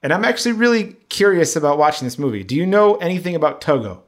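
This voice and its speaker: A man's voice: on the high side, big pitch swings, fast talker. A man co-hosting a casual chat show, rambling along with frequent fillers and restarts as he talks through upcoming movies. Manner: rambling, hesitant, with many fillers.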